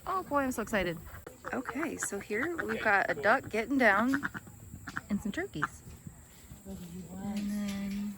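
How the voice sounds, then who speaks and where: A young woman vlogging at an outdoor farm sanctuary, chatty and excitable, cooing at the animals. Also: mid-range voice, slow, long pauses, noisy background. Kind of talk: casual vlog narration.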